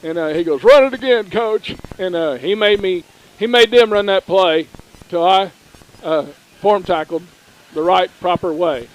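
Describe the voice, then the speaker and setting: A middle-aged man co-hosting a local sports broadcast, telling folksy, animated stories. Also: high-pitched, measured pace, low-quality recording. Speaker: radio sports co-host. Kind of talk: casual storytelling.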